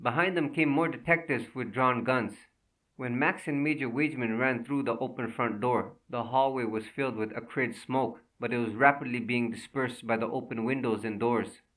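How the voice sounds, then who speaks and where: A man narrating a thriller audiobook in a steady, measured reading. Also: mid-range voice, far from the mic, low-quality recording.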